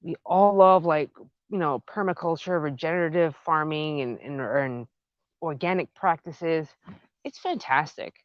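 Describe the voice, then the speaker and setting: A woman's voice: deep voice, measured pace, no room sound, muffled recording. A woman with a North Jersey accent, chatting casually with live viewers while she works in her outdoor garden. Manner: chatty, excitable, talks to viewers. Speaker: gardening vlogger, live stream host.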